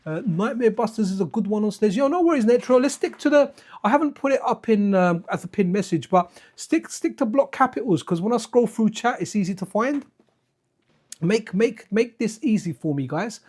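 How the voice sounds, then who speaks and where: A man's voice: high voice, expressive, moderate pace, a little mellow. A man, hosting a retro gaming livestream in casual, rambling chat with viewers. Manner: rambling, laughing, chatty with viewers. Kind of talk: casual gameplay commentary and chat. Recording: faint game music behind.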